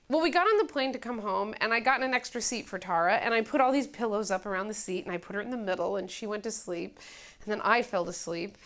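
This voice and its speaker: A woman comedian delivers a one-woman comic monologue in a slightly high voice. She tells her story with wry, animated timing. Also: quick pace.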